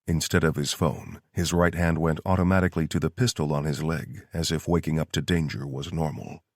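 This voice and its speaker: A man reading an audiobook in steady, scripted narration. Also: rumbling low, fairly quick, dry recording, studio quality.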